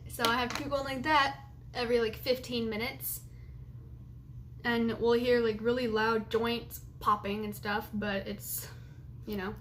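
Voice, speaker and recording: A young woman in her late teens chats her way through a casual vlog, rambling from one thought to the next and laughing often along the way. Her voice sits a little high, with a faint hiss of noise under it. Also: fairly even intonation, unhurried. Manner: rambling, chatty, laughs often between remarks. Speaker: vlogger.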